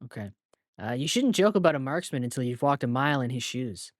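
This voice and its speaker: Laughy guy on a movie podcast, dad jokes, normal pitch, dry mic. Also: lively intonation, quick pace, no echo. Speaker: podcast co-host. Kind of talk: casual movie podcast chat.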